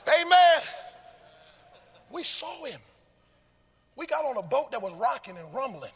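A man a sermon in a rhythmic, sung cadence that swells into shouted chanting. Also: extremely high pitch, sing-song, moderate pace, slightly rough, in a large hall. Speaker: preacher.

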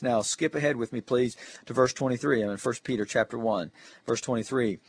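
A man's voice: medium pitch, a little fast, breathy edge, dry recording. A man giving a Bible lesson preview for Sunday school teachers, earnest, reading scripture aloud in old King James English.

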